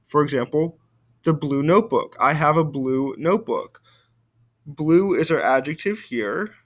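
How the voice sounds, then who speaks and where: Male French teacher, fairly high voice, slow careful model pronunciation for a recorded lesson. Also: expressive.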